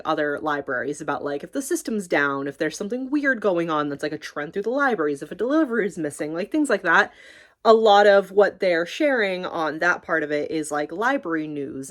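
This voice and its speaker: A young woman talking casually in a rambling, animated way, swearing often and acting out conversations. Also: fairly low pitch. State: tearful. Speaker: streamer talking about her library job. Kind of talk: casual chat.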